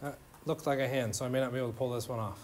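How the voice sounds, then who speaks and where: A man's voice: medium pitch, fairly even intonation, rapid-fire. A man lecturing a chemistry class in an informal, joking way, firing questions at his students. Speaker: chemistry instructor.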